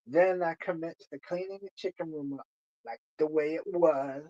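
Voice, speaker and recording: Streamer, male, slightly high voice, rambling story, lo-fi sound. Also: moderate pace, warm tone. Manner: rambling, repeats phrases, many "you know"s. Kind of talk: casual storytelling.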